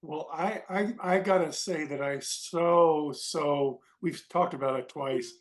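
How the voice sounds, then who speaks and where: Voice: medium pitch, slow. A panelist speaking on a video call, enthusiastic, emphatic and jokey. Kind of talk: casual chat on a video call.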